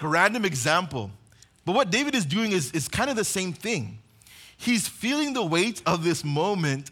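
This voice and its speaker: Animated young pastor preaching casually. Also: male voice, high-pitched. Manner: conversational and animated, often asks the crowd questions. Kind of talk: sermon.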